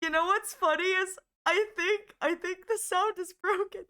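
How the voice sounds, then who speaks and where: Very high-voiced excitable woman streamer. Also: normal speed. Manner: excitable, laughs often, gushes thanks; shrieks in mock horror. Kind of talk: casual live-stream chat.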